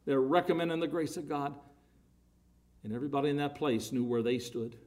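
A man's voice: fairly high pitch, a little fast, a little mellow. A man preaching a sermon, emphatic, his voice rising and falling in volume, often repeating words.

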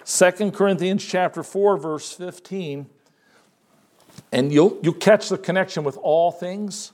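A man preaching a sermon, reading scripture slowly with emphasis and adding casual asides. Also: high-pitched, a little mellow.

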